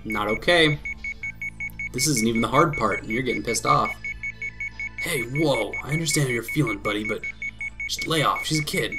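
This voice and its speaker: A man hosting a let's play, reading a visual novel aloud with quick laughs and commentary. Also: mid-range voice, over loud music. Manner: lively reading broken by laughs and asides.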